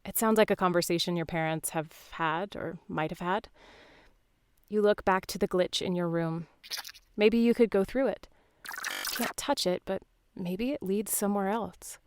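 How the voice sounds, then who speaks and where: Narrator, woman, calm measured second-person storytelling, dreamy, faint ambience behind. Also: lowish voice, slight background noise.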